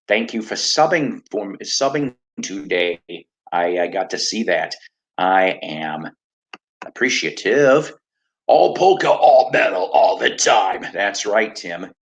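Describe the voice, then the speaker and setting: A man's voice: on the low side, a bit bright, low-quality recording. A man in his fifties from the Chicago area, hosting a casual livestream with digressive, self-mocking talk and easy swearing. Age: 50s. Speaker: livestream host and record collector. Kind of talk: casual rambling livestream chat.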